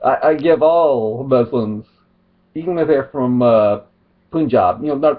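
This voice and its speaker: A man's voice: mid-range voice, normal speed, narrow, tinny audio. A man ranting in a commentary vlog, repeating himself, restarting his sentences and firing rhetorical questions. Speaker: video blogger.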